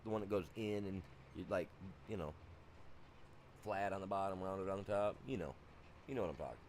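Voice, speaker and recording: A man's voice: deep voice, brisk, a little mellow, a little hiss or hum. A man streaming a farming game, chatting casually with viewers in a rambling way, full of "you know" asides. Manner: rambling, talks to chat, lots of "you know". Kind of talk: casual gaming livestream chat.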